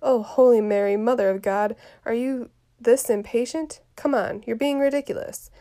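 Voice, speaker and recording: A woman reading the part of a fussy, complaining old nursemaid aloud from a play, grumbling in a quiet voice. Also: a little high, fairly even intonation, moderate pace, lightly acted.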